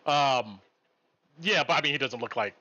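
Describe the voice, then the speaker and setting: A man's voice: medium pitch, normal speed, lo-fi sound, a little hiss or hum. A man narrating as game master in a live-streamed tabletop game, with plenty of "um"s between descriptions. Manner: animated narration with frequent "um"s.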